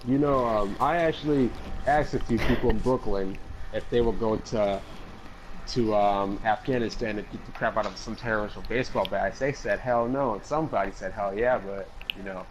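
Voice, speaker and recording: A man's voice: fairly low pitch, normal speed, background noise. Rambling man playing a pundit. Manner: rambling, hesitant, full of "you know". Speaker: mock political analyst in game role-play. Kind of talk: improvised comedic role-play chat.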